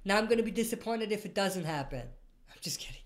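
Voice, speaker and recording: This livestream host, a woman, reads out viewer comments and gives rambling answers, frequently catching and correcting herself. She talks fast in a mid-range voice with lively intonation.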